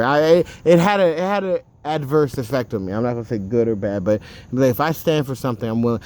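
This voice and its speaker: Man, mid-pitch, casual monologue host; rambling, digressive storyteller who wanders off on tangents and swears now and then. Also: expressive, quick pace, hardly any pauses, darkish tone. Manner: rambling and digressive, with frequent asides; offhand, with occasional swearing.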